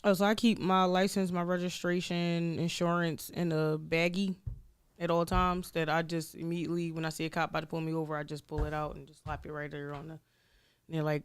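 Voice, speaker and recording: A guest on a radio talk show, recounting a story in a calm, matter-of-fact way. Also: medium pitch, fairly quick, clean tone, no room sound.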